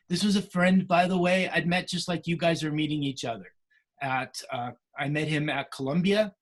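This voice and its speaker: A middle-aged American man telling students about his career in a casual way, with many pauses and restarts. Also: fairly high pitch. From United States. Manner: many fillers and restarts, storytelling. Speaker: career day speaker.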